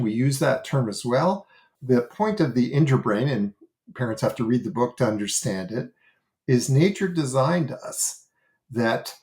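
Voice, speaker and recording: A man with an ordinary mid-range pitch, a guest expert in a podcast conversation. He explains earnestly and stresses his key words. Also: a little mellow. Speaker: guest expert on child behaviour.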